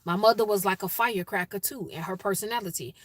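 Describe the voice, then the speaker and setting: Speaking fast with a medium-pitched voice, a Chicago woman who works as an inspirational speaker shares a personal story and calls on listeners to seek peace. Her delivery is animated and emphatic, built on runs of repeated questions, in a dry recording.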